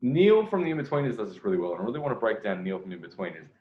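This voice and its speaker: A man giving a dating coach's commentary on a video clip, pausing it to explain and often laughing. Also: fairly low pitch, sing-song. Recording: roomy, dull sound.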